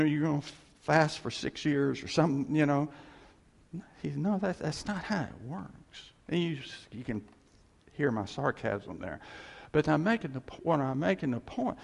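A man preaching a sermon in an animated way, swinging from loud emphasis to hushed asides and laughing at his own jokes. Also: a little high, gravelly. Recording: long hall reverb.

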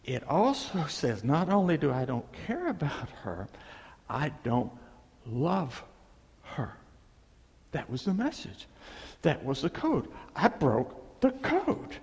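A man telling a funny personal story to a live audience, animated and self-deprecating, dragging out his punchlines. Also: on the high side, slow pace, long pauses. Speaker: speaker addressing a live audience. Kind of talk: humorous personal storytelling talk. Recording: long reverb of a large hall.

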